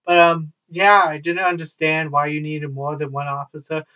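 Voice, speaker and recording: Casual young guy telling stories at home, bright sharp tone, muffled mic a bit far off. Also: on the high side, flat delivery, moderate pace, smooth. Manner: rambling, swears freely, wry asides. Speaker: vlogger. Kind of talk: casual storytelling. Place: at home, child nearby. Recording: dull lo-fi, from a distance.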